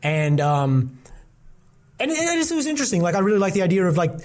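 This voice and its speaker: A young man co-hosts a podcast, rambling casually with plenty of fillers and restarts. He talks fast in a high-sitting, slightly mellow voice that swings widely in pitch.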